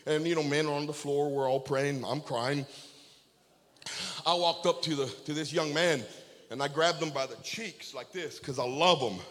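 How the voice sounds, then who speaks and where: A high-pitched man preaches fervently, stopping to throw amen and okay at his listeners. His voice trails off into the long echo of a big church hall. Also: normal speed, fairly bright tone. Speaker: pastor. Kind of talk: sermon with storytelling. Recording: long reverb of a large hall.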